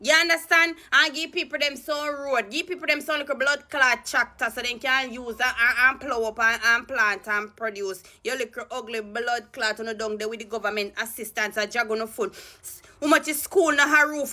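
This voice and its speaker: A woman's voice: fairly high pitch, sharp tone. A Jamaican woman in a heated, profane political rant in patois, scornful and angry. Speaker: political commentator.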